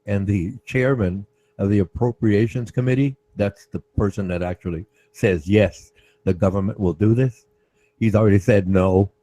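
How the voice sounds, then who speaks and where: A man in casual online chat, explaining things in a measured way with many "you know"s. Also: on the low side, dark tone, rough recording.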